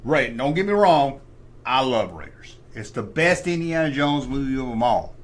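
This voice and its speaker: Animated middle-aged man hosting a livestream. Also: mid-range voice, normal speed, slight background noise. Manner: animated, opinionated, talks to himself while deciding. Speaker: host. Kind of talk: casual livestream chat.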